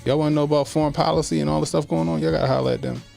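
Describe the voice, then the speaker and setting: Man, livestream host, gravelly mid voice, slangy relaxed banter, faint music under. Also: a little high, very fast. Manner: laid-back slangy banter, laughs often. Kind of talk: casual livestream chat.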